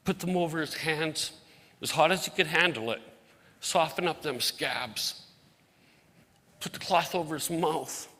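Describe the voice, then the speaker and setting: A middle-aged man telling a lively, folksy story to a church congregation, acting out the voices of the people in it. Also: fairly high pitch, a little slow, long pauses. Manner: animated storyteller who acts out voices, folksy and plain-spoken. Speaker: outreach ministry leader, guest speaker. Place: church sanctuary. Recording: hall reverb from a church sanctuary.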